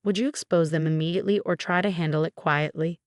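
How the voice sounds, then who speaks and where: A woman narrating a scripted first-person story in a calm, even manner. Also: on the low side, fast, no room sound, clean studio sound.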